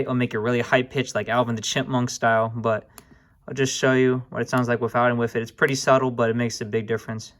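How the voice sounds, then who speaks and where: Flat-toned young man explaining software. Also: medium pitch. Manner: laid-back, addresses viewers as guys, apologizes for slips. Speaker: music production tutorial host. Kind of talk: casual screen-recorded tutorial.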